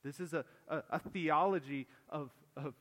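A man preaching an earnest expository sermon as pastor, moving between emphatic and hushed delivery. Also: a little high, normal speed. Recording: long reverb of a large church hall.

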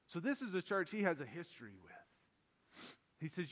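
A man preaching an earnest expository sermon as pastor, moving between emphatic and hushed delivery. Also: sits high, very animated, moderate pace, long pauses. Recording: long reverb of a large church hall.

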